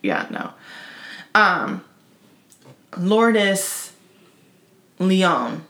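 A woman co-hosting a casual chat in an animated, gossipy way. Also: on the low side. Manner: animated, gossipy, quick reactions. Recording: roomy echoey room.

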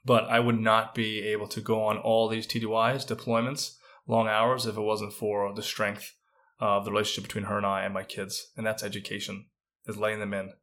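Relaxed male podcast co-host. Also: lowish voice, a little fast. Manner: relaxed storytelling with filler words. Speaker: podcast co-host, retired airman. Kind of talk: casual chat.

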